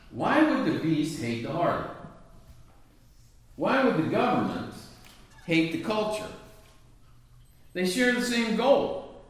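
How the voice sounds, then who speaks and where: A man preaching a sermon. He reads long scripture passages aloud and then explains them in plain words. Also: a little high. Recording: very echoey room, voice from a distant mic.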